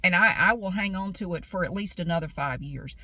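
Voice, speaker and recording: A woman's voice: fairly low pitch, brisk, sharp tone, no echo. A woman telling a story in a casual vlog, speaking bluntly and with indignation. She drives her points home by repeating them. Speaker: vlogger.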